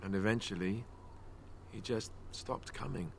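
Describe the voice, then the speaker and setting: An actor playing a rueful, stubborn young male warrior in a video game, speaking softly and wistfully. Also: fairly low pitch, measured pace, vocal fry, slight background noise.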